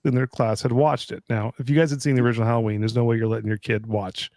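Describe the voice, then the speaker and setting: A man's voice: medium pitch, flat delivery, fast talker, a little mellow, no echo. Middle-aged man, dry rambling storyteller. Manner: rambling anecdotal storyteller with restarts. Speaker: live stream co-host. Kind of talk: casual chat.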